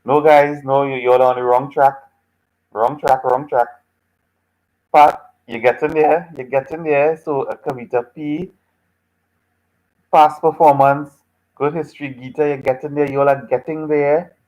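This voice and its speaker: A man's voice: mid-range voice, fairly even intonation, unhurried, long pauses, darkish tone, low-quality recording. A man teaching a live online class, reacting to students' chat answers in a patient, teasing way and repeating his phrases several times. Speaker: lecturer.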